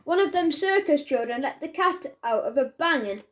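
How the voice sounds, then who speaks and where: A blustering, pompous village policeman, middle-aged and suspicious, barking orders with bossy, clumsy grammar, as a woman reading a storybook puts him on. The voice sits fairly high. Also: lively intonation, moderate pace. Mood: stern.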